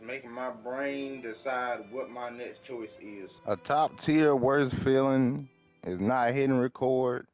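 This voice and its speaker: A man's voice: mid-range voice, darkish tone. A man doing playful, theatrical commentary over a video game from his small bedroom. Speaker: gaming commentator. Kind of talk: let's play commentary.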